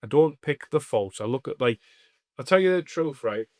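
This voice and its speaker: A man's voice: mid-range voice, moderate pace, no room sound, studio quality. A man, telling stories as a comedian co-host of a casual podcast, swearing constantly. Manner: swears constantly, animated anecdotes. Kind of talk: casual storytelling chat.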